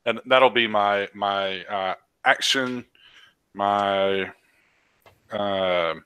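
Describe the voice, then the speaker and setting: Man, game player, hesitant, low pitch, bright tense tone. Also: very slow, smooth, no echo. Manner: hesitant, many fillers. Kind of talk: tabletop game play.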